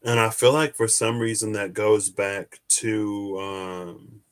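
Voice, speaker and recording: A man's voice: fairly low pitch, steady tone, takes it slowly. A man hosting a live tarot stream, chatting casually and answering viewers' questions as he wanders through his thoughts.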